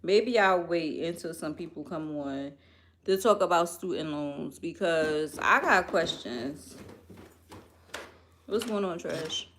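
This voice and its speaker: A young woman from Philadelphia, US, chats casually on a live stream, addressing her viewers directly. Her voice is low-pitched and a bit bright, and she speaks slowly, rambling from one thought to the next in no hurry.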